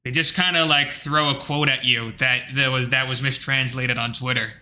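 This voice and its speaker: A man's voice: mid-range voice, normal speed. A man hosting a livestream, talking in a rambling, casual rant full of fillers and blunt asides. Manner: rambling, filler-heavy, animated retelling; blunt, with occasional profanity. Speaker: livestream host.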